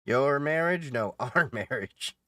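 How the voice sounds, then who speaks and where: A man's voice: mid-range voice, expressive, slow pace, bright, forceful tone, no echo, studio quality. A man streaming a game live, chatting casually with viewers in a joking, talkative way. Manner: joking, chatty, answers viewers and laughs often. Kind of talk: casual live-stream chat while gaming.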